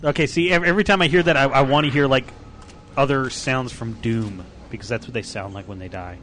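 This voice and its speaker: A man hosting a live gaming stream, reacting excitedly and commenting on the action. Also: medium pitch, brisk. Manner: excitable, reacts loudly to gameplay. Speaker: game stream host.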